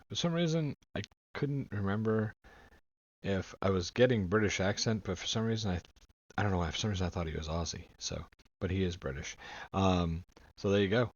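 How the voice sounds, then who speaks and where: Husky-voiced man rambling casually. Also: low-pitched, dry recording, highs cut off. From United States. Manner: rambling, lots of fillers. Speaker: YouTube reaction host. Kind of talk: casual reaction commentary. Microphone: headset.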